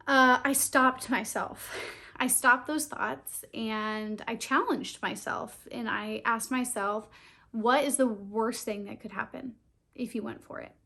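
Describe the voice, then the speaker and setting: A young woman beginning a channel talks openly and earnestly to camera, often laughing, now and then tearful. Her slightly high voice is slow and creaky, with a sharp edge.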